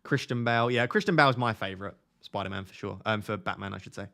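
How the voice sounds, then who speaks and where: A man's voice: on the low side, quick pace, gravelly, fairly bright tone. A man in his twenties on a casual live stream, reading viewers' comments aloud and answering them. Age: 20s.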